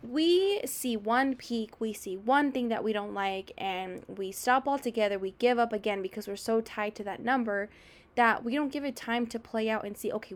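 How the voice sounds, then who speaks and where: A young adult woman hosting a podcast, talking casually and energetically about fitness, often acting out a client's inner voice. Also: fairly high pitch. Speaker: podcast host and fitness coach. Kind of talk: casual advice monologue.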